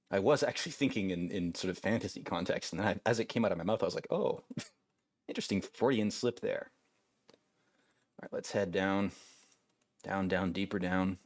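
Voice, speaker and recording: A man rambles through a laid-back let's-play commentary and swears casually. His voice sits on the low side, and the recording is dry and close. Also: no echo. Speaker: gaming video host.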